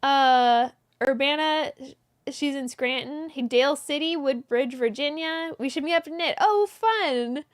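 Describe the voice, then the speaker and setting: High-voiced woman hosting a live stream. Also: unhurried. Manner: greets viewers by name, reads messages aloud, brief laughs. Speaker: host of a live yarn-shop stream. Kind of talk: live-stream chat, reading viewer comments. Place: indoors, small closet.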